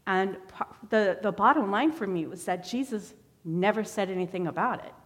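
Speaking at normal speed in a mid-range voice, a church member shares her personal testimony sermon in a conversational way. The recording, made in a church sanctuary, carries a long church hall reverb.

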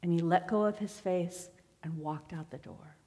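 A woman's voice: fairly low pitch, moderate pace, warm tone. A woman giving a personal testimony sermon as a church member, telling her story in a conversational way. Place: church sanctuary. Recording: long church hall reverb.

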